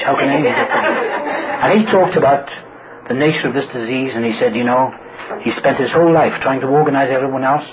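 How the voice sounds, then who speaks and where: Man, wry storyteller at a recovery meeting, acts out voices; muffled, hissy recording. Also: mid-range voice. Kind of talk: humorous personal story told to an audience. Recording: muffled recording with loud background noise.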